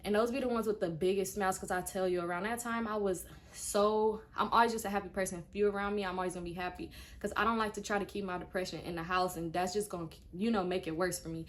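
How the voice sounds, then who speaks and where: Woman, 20s, casual storytime vlogger, mid-pitched, frank and direct with viewers. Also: fast talker, few pauses. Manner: animated retelling that acts out quoted speech.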